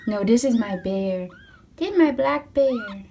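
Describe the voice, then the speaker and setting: Young woman, high voice, cooing over her cats at home, faint room hiss and purring behind. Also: lively intonation, takes it slowly, dark tone. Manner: sweet baby-talk to her cats, mixed with chatty asides to viewers. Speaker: pet vlogger. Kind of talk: casual narration while handling kittens. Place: at home beside a cat bed.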